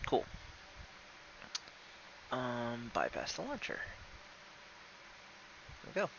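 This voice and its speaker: A man chatting casually on a gaming live stream, excitable and prone to loud exclamations. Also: mid-range voice, extremely slow, creaky, muffled recording, background noise.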